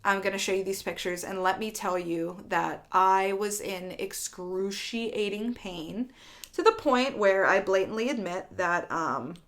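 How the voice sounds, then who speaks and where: A woman's voice: mid-range voice, measured pace, fairly bright tone. A young woman vlogger telling a candid storytime, rambling and swearing freely with lots of fillers. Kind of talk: storytime vlog.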